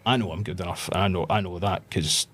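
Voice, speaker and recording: A man with a Scottish accent, a podcast guest telling stories in a lively way and acting out the voices of the people in them. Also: sits low, a little fast. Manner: animated anecdotes, acts out quoted voices. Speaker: podcast guest, pro wrestler. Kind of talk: casual storytelling interview.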